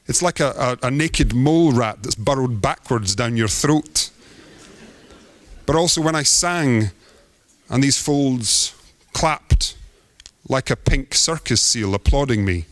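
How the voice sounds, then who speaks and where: A man's voice: mid-range voice, expressive, slow pace, no echo. A man giving a theatrical, poetic performance talk as an artist on stage.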